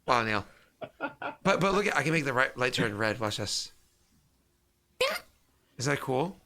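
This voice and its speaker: A man's voice: mid-range voice, very animated, a little slow, pushed and bright. A man who runs the game and streams it, chatting casually and playfully from his home basement. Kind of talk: casual chat.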